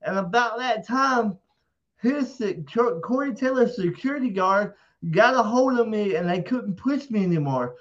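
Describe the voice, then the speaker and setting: In dull lo-fi audio, a man with a high voice speaks at a moderate pace as an interview guest. He's profane and animated, telling his story casually and performing other people's lines as he goes.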